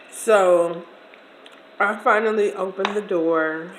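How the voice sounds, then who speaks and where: A woman in her forties telling a personal story in a chatty, slangy, expressive way during a casual meal video. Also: medium pitch, takes it slowly, slight background noise. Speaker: vlogger. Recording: echoey room.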